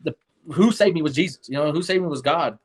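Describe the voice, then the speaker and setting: A man's voice: on the high side, animated, quick pace, slightly rough. Earnest rambling man telling his story. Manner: rambling, earnest, many fillers and restarts. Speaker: guest. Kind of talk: casual storytelling interview.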